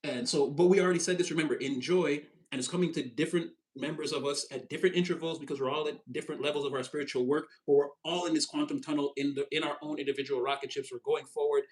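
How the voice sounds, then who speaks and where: A man giving a casual, animated tarot reading, with a slangy spiritual pep-talk manner that jumps up in pitch when he gets excited. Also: fast, hardly any pauses, rough recording. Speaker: tarot reader.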